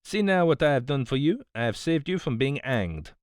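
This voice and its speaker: A man's voice: mid-range voice, big pitch swings, moderate pace, smooth, no room sound, studio quality, close to an everyday voice. A man voicing a fussy, smug older detective, politely reproving, in an audiobook. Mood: smug, precise. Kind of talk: audiobook character voice.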